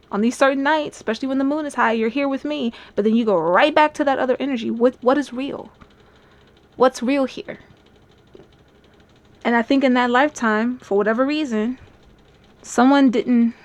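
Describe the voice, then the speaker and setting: A woman giving a tarot love reading in a chatty, musing way, often laughing and acting out people's thoughts. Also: on the high side. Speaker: tarot reader. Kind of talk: channeled tarot reading to camera.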